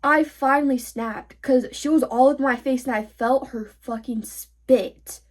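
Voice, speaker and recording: A woman's voice: sits high, measured pace, a little mellow. A sixteen-year-old girl heatedly retelling a fight, full of swearing and "like". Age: teens. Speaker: vlogger. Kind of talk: storytime vlog.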